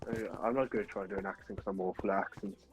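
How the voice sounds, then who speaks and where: A man's voice: sits low, fairly even intonation, rapid-fire, faint music behind, poor audio. A young man, rambling through a story in casual chat with friends, full of restarts. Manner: rambling anecdote with many restarts and laughs. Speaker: streamer chatting with friends. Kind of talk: casual chat while gaming.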